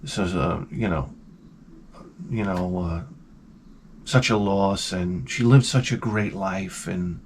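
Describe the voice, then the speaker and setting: A man imitating a gentle, soft-spoken male pastor who speaks in a hesitant, murmuring way at a funeral. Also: sits low, slow, pauses often, a little hiss or hum, pitched below the performer's own voice. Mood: gentle, solemn.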